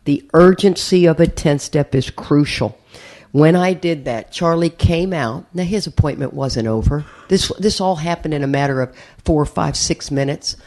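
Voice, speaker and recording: A woman's voice: low voice, moderate pace. A woman speaking at a recovery meeting, telling a humorous personal story with lots of laughter and acted-out voices. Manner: animated, laughs often, acts out others' voices.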